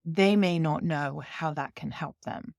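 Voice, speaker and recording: A woman's voice: low-pitched, unhurried, gravelly, no echo, clean studio sound. A woman with a British accent, a company head being interviewed, explaining her approach in long examples and acting out client conversations. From Britain. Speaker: CEO guest.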